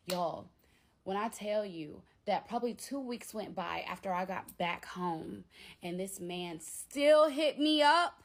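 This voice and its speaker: A young adult woman telling a casual storytime in a blunt, animated, slangy way, often checking in with her viewers. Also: medium pitch, normal speed.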